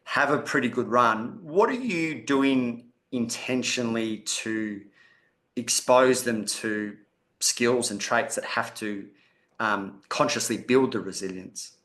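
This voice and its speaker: A man's voice: mid-range voice, slow, a bit bright. A man hosting a podcast who asks a long question in a casual, rambling way. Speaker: podcast host.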